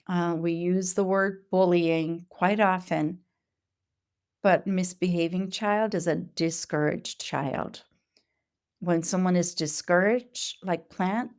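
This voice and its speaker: Earnest woman Montessori educator, lower voice. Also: a little mellow. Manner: earnest, explanatory, with frequent pauses and fillers. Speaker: Montessori educator giving a talk. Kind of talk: conference talk.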